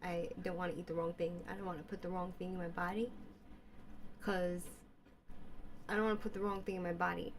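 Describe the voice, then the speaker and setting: A woman's voice: lowish voice, creaky, pushed and bright, a little hiss or hum. A woman in a rambling, casual monologue who repeats herself, keeps asking her listeners questions, and sprinkles in Yiddish and Hebrew words.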